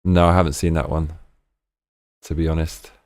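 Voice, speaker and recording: A British man hosting a live stream in casual, rambling chat, often breaking into excited exclamations. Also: extremely low pitch, moderate pace, dry recording, clean studio sound.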